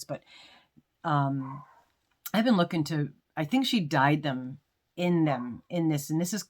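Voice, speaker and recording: A woman vlogger chatting casually at home while unboxing yarn, rambling and self-deprecating with lots of restarts. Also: low-pitched. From United States. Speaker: crochet vlogger.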